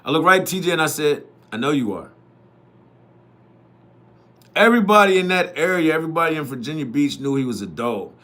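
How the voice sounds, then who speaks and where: Emphatic high-voiced man ranting. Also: quick pace, hardly any pauses, pushed and bright. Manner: emphatic, repetitive, blunt and profane. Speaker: youth football media host. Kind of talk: opinionated monologue to viewers.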